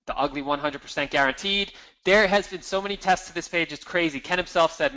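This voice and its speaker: Bright-voiced man giving a sales seminar. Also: on the high side, a little fast, poor audio. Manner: energetic, emphatic, salesy. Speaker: marketing presenter. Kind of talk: seminar talk with slides.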